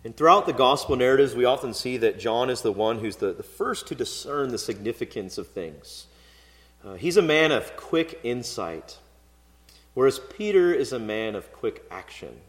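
A man's voice: mid-range voice, sing-song, normal speed. A male pastor giving an expository sermon in a conversational, storytelling way, with occasional fillers. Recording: long hall reverb.

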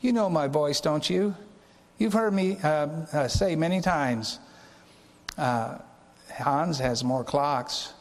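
A man's voice: a little high, slow pace. A man voicing a tall, wiry, impish male thief who talks in a sly, teasing way.

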